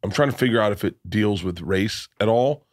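A middle-aged man hosting a podcast, telling comedic stories in an animated, profane, laughing way. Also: fairly low pitch, brisk, no echo, clean studio sound. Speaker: podcast host. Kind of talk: casual comedic storytelling.

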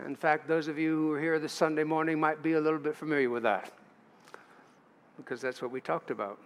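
A man's voice: a little high, fairly even intonation, brisk. A man preaching a sermon as pastor, in a chatty way with asides to the congregation. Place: church sanctuary. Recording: church livestream with long hall reverb.

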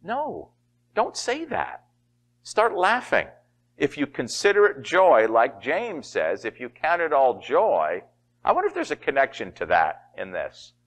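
Middle-aged pastor guy preaching, really animated, laughs a lot, voice all over the place. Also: medium pitch, moderate pace. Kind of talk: sermon.

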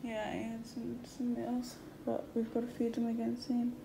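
A woman's voice: a little high, monotone, normal speed, vocal fry. A young woman from the UK, tired and out of breath, chatting casually to a phone camera in a hospital room. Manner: tired, chatty, bursts of laughter. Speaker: vlogger, new mother. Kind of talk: casual vlog chat. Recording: background hiss, room noise.

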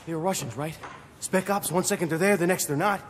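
An actor playing a jumpy young soldier who talks in a tense, rattled way in a game cutscene. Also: male voice, high voice, fast, close to an everyday voice. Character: jumpy young male soldier back from a failed handoff. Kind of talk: video game cutscene acting. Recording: loud background noise.

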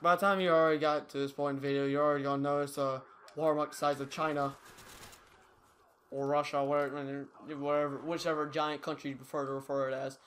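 Bright-voiced young guy rambling over gameplay. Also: fairly high pitch, level tone, fast talker, slight background noise. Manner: rambling, self-mocking, loose and chatty. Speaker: gaming YouTuber. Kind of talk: casual gameplay commentary.

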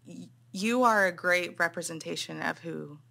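A woman's voice: on the low side, normal speed, gravelly, sharp tone. A young adult woman speaking earnestly in a casual chat, moved and restarting her sentences often. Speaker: interviewer.

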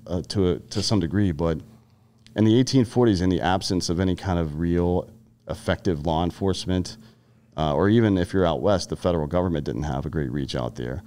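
A man's voice: low voice, brisk, warm tone. A man in his thirties from the Carolinas, a podcast guest and army veteran, talking bluntly and profanely in casual conversation, telling stories with frequent restarts.

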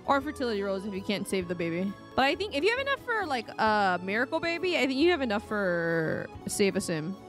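A young woman streaming a life-sim game live, talking to her chat in an animated way and laughing often. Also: mid-range voice, fairly quick, hardly any pauses, faint music behind. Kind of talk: casual live-stream commentary. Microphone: desk microphone.

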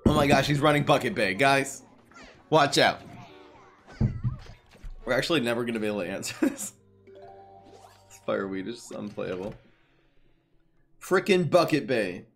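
A young man commentating his own card game on stream, excitable and full of jokes. His pitch jumps around a lot, dropping to muttering and then rising to loud outbursts. Faint game music plays under his voice. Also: moderate pace, pauses often. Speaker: gaming streamer. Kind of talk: live gameplay commentary.

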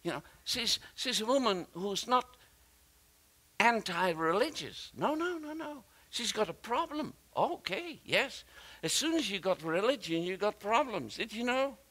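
Animated, bright-voiced male preacher. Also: sits high. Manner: animated and emphatic, with frequent repetition and halting restarts; talks directly to the congregation with asides and questions. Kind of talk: sermon.

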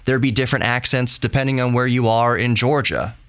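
A man hosts a podcast by himself, talking a little fast at a medium pitch with a steady, fairly bright tone. He's chatty and rambling, often restarting and correcting himself.

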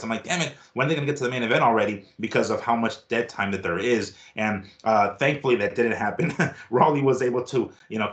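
A man's voice: fairly low pitch, a bit bright, echoey room. A man co-hosting a boxing talk show in casual chat, rambling and swearing with lots of fillers and restarts.

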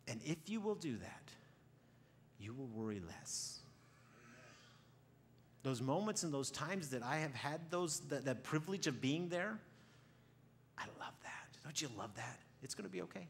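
A man preaching a sermon to a congregation, animated, swinging from loud exclaiming to quiet near-whispers, often repeating words as he starts a phrase. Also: on the high side, measured pace, vocal fry, pauses often, slight background noise. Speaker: pastor. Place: church hall before a congregation.

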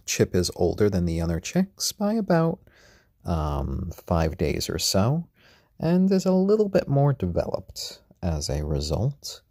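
A man with a low, mellow, slightly husky voice chats casually on a live stream from home, tired after a long workday. His speech swings in pitch, and the dry recording has no room sound. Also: wildly swooping pitch, dry recording. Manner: gentle, unhurried, coos to a chick in a high voice. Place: at home, indoors.

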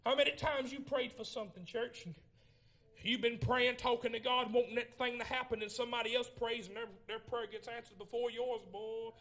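A man preaching a Pentecostal sermon in a church, swinging from shouted lines to low murmurs as he tells the story. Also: steady tone, brisk. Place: church sanctuary.

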